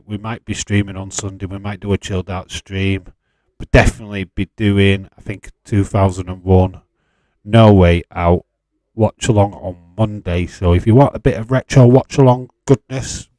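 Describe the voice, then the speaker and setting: Yorkshire bloke, stream host, low-ish voice, dry close mic, relaxed and chuckly. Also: male voice, dry recording. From England. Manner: chatty and laid-back, chuckling often, light swearing. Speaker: livestream host. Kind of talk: casual live-stream chat, reading out viewer comments.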